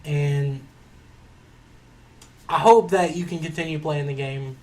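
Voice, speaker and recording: A man in a casual gaming chat, telling stories in a relaxed way and swearing casually. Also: on the high side, slow pace. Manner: relaxed, laid-back storyteller who swears casually. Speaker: co-host.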